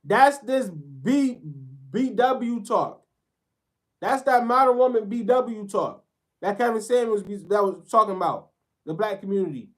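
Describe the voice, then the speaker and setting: A man's voice: high voice, expressive, unhurried, fairly bright tone. A man ranting in a sports commentary video, fired up and blunt. He talks in loose slang and swears freely. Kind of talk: heated sports commentary rant.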